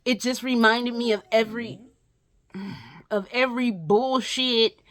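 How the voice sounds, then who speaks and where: A woman's voice: fairly high pitch, slow pace, a bit bright. A woman gaming vlogger ranting casually and profanely, exasperated, breaking into mocking whiny impressions.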